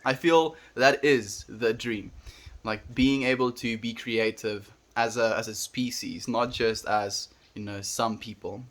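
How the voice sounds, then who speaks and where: A young man hosting a daily livestream, reading and answering viewer comments in a gentle, earnest, encouraging way that often trails off to a murmur. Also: medium pitch. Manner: gentle, earnest and encouraging, softening to near-murmurs at the ends of phrases. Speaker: livestream host.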